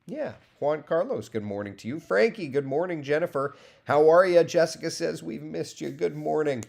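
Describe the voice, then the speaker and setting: A man's voice: on the high side, lively intonation, moderate pace, creaky, a little mellow. Weather guy doing a laid-back morning stream, chatty and friendly, saying hi to viewers as he goes. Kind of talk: casual live weather chat.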